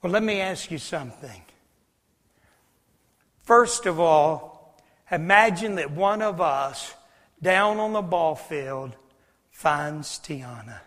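A man preaching a sermon as pastor, swinging from loud, driving passages to hushed, almost whispered ones, recorded in a church sanctuary. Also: fairly high pitch, lively intonation, slow, long pauses, long reverb tail.

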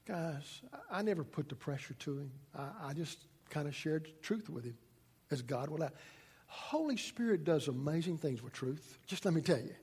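Husky folksy preacher in a reverberant hall. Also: male voice, on the high side, animated, normal speed, darkish tone. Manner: folksy, conversational preaching with southern-style grammar. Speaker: pastor. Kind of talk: sermon storytelling. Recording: long reverb in a large room.

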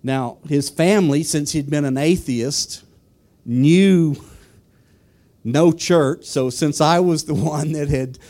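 A man's voice: a little high, slow, mellow. A man preaching a sermon who asks the congregation questions and then tells a personal story.

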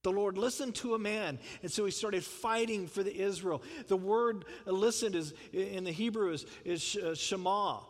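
A man's voice: high-pitched, normal speed, few pauses, in a large hall. A man preaching a conversational sermon, full of asides and rhetorical questions. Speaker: pastor.

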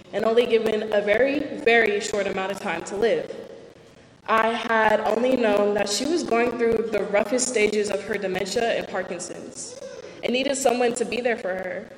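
A woman's voice: medium pitch, fairly even intonation, moderate pace, roomy sound, in a large hall, slight background noise, poor audio. A young woman reading out a candid, self-deprecating personal talk about faith and her own life. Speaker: speaker giving a personal testimony.

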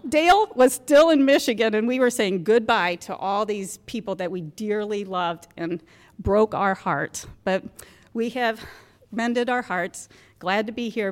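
A woman's voice: a little high, measured pace, in a large hall. A woman in her fifties giving a candid, self-mocking talk to a group of mothers in a church gym, laughing often. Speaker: guest speaker at a moms' group. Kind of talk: personal talk to an audience.

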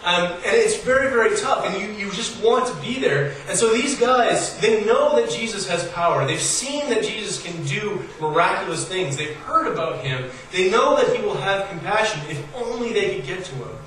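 A fairly high-voiced man delivers a casual, story-driven sermon, his emphasis climbing as he builds each point. His voice reaches the mic from a distance and rings through a heavily echoing hall. A faint hiss sits under everything. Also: animated, moderate pace, hardly any pauses, a bit bright. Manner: storytelling, conversational with rising emphasis. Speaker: pastor. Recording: very echoey hall, voice from far off, faint noise.

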